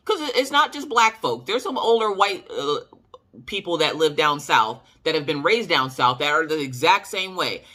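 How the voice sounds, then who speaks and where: Sassy Southern US woman telling a story. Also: on the low side. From Southern United States. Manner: sassy, animated, emphatic. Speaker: vlogger. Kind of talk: casual storytelling to camera.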